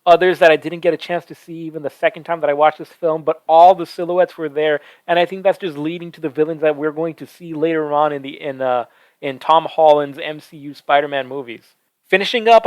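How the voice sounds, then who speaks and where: Excited man reviewing a film, dry close mic. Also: fairly high pitch, no echo, low-quality recording. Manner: enthusiastic, breathless with excitement. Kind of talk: excited spoken movie review. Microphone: close microphone.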